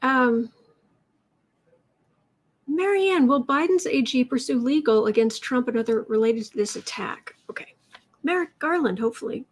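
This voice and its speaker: A woman's voice: high-pitched, lively intonation, normal speed, pauses often. A woman hosting a casual livestream, chatting and reading out viewer questions for tarot readings. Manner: chatty, reads out questions, talks to her cat in a soft baby voice.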